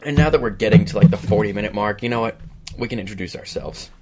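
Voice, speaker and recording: A man's voice: fairly low pitch, fast talker, heavy background noise. A man, co-hosting a podcast in casual chat, dry and easily amused. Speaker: podcast co-host.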